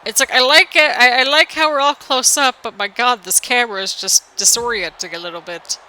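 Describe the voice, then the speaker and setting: A woman's voice: a little high, a little fast, sharp tone, low-quality recording. A young woman, a little tired, chatting in a rambling, sing-songy way as she commentates a wrestling video game for her channel. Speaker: gaming channel host.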